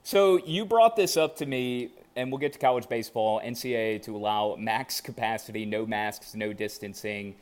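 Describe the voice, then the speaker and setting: Energetic man from Chicago, chatty. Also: on the low side, normal speed, few pauses, smooth. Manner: energetic, animated storytelling. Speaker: podcast co-host. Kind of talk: casual sports chat.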